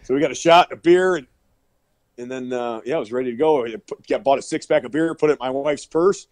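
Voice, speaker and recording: A middle-aged powerlifter guesting on a podcast, telling rowdy, profane stories and laughing often over a remote call that breaks up. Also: male voice, medium pitch, fast, darkish tone, dry recording. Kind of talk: casual storytelling.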